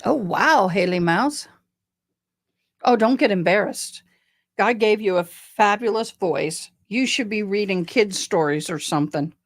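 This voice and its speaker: A middle-aged woman with a Southern accent hosts a casual livestream. She talks in an unhurried, drawn-out way and reads viewer comments aloud between stretches of chat. Her pitch sits in the middle of the usual range for a woman. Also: animated. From Tennessee, US. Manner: slow, chatty, reading out viewer comments. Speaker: livestream host.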